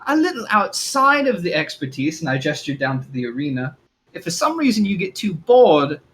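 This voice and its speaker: A man's voice: high voice, very animated, brisk, fairly bright tone, rough recording. A man playing a tabletop game, speaking hesitantly in character as a performer. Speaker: player. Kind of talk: in-character tabletop role-play.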